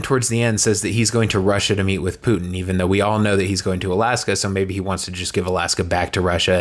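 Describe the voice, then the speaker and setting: A man rattles off a political recap at a brisk clip, his voice sitting fairly low. He slips in deadpan, mocking asides as he goes, keeping a dry, sarcastic edge throughout. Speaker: political commentary creator.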